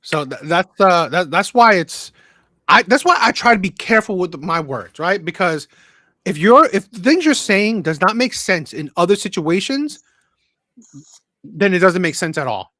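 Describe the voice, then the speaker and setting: A man's voice: high-pitched, big pitch swings, moderate pace, sharp tone, no room sound. A man hosting a call-in show, talking in a rambling way, repeating words and checking in with "right?". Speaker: host. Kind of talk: casual call-in commentary.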